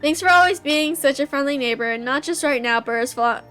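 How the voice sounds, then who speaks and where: A woman voicing a kind middle-aged male neighbour, speaking softly and a little choked up in a visual novel reading. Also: high voice, brisk, soft background music. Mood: grateful.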